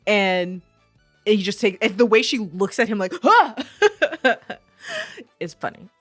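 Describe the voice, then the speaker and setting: A woman's voice: medium pitch, unhurried, no echo, soft background music. A woman co-hosting a podcast, chatting casually about a TV show, laughing often and quoting scenes. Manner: lively, laughs often, jumps in with quotes. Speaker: podcast co-host. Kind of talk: casual recap chat.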